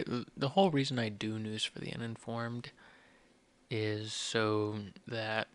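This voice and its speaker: A man's voice: mid-range voice, gravelly, a bit bright. A man in his twenties hosting a solo podcast, rambling and self-deprecating, often restarting his sentences. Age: 20s. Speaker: podcast host.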